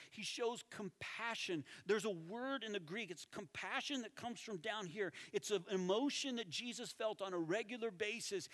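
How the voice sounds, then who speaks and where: A man preaching a sermon as pastor, conversational and animated, dropping to soft tones for emphasis. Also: high voice. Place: church sanctuary. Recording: reverberant hall.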